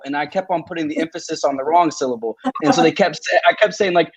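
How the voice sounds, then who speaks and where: A young man, a guest on a video call, telling a funny story in a loose, energetic way. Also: on the high side, fast, hardly any pauses, husky, rough recording. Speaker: actor guest. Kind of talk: casual anecdote on a video call.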